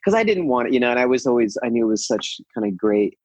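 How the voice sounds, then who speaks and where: A man's voice: mid-range voice, sing-song, fast talker, a little mellow, dry recording, rough recording. A man in his forties with a Californian American accent, a guest musician rambling through a casual interview with many restarts. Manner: rambling, many restarts and fillers, laughs often.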